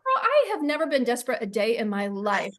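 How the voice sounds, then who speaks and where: Bubbly high-voiced woman in casual chat. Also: huge pitch swings, brisk, a bit bright. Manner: chatty, laughs often, acts out quoted voices. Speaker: co-host.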